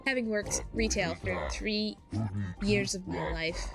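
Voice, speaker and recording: A woman's voice: mid-range voice, slow, vocal fry. A woman in her thirties, a mom and live streamer, chatting casually and bubbly while she plays a video game, with lots of fillers and laughs. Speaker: Twitch streamer. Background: game music.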